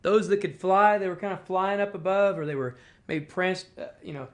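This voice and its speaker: Speaking at medium pitch and a moderate pace, a tribal language department storyteller tells a traditional tale in a relaxed, folksy way. The talk is full of "kinda" and "you know," and the animals' dialogue gets acted out.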